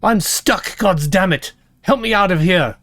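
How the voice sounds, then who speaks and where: A man voicing a gruff, foul-mouthed female dwarf warrior with a thick, strange accent. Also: high voice, measured pace, a bit bright, dry recording, studio quality, pitched above the performer's own voice. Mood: alarmed, cursing.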